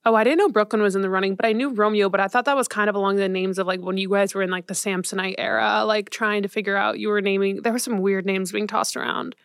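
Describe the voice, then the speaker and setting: A woman's voice: mid-range voice, fairly even intonation, clear, resonant tone, dry recording. Twenty-something girl gushing on her podcast, says like a lot, totally dry mic. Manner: gushing, fast, lots of "like". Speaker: podcast co-host. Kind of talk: casual chat.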